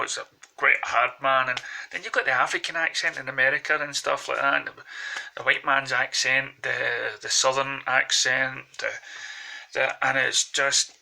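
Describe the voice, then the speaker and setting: A man's voice: medium pitch, creaky, bright, forceful tone, rough recording. A man with a Glaswegian accent, vlogging in a rambling, hesitant monologue into a phone held close.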